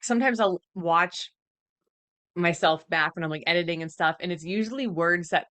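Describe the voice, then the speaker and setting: A woman's voice: fairly low pitch, normal speed, a bit bright. A Canadian woman hosting a podcast, chatting casually with lots of fillers and laughs. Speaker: podcast host. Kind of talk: casual chat.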